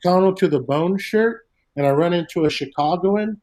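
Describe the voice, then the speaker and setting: A relaxed man from Southern California talks as a stand-up comedian guest, easygoing and quick to laugh at his own stories. His voice sits slightly high. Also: low-quality recording. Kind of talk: casual chat.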